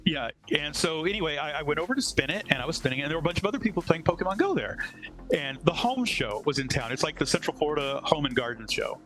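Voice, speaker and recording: A man's voice: a little high, sing-song, fast, over music, low-quality recording. A man telling a long, rambling anecdote on a live talk show, quoting other people along the way. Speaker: convention organizer. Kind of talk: casual storytelling on a live show.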